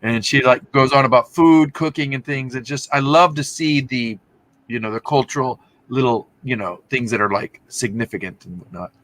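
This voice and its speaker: A man's voice: mid-range voice, moderate pace, fairly bright tone. A man from Texas hosting a casual video-call chat, a rambling storyteller who acts out the voices of the people he quotes. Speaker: host.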